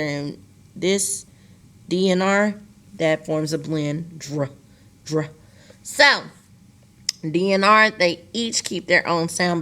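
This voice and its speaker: A woman teacher recording a lesson for young students, slowly sounding out words syllable by syllable and talking to the class directly. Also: fairly low pitch, fairly bright tone.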